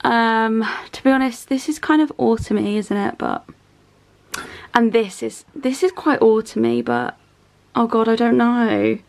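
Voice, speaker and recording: A woman's voice: fairly high pitch, a little slow, darkish tone. Chatty young English woman vlogging. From England. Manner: chatty, rambling with many ums and likes. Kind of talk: casual chat to camera.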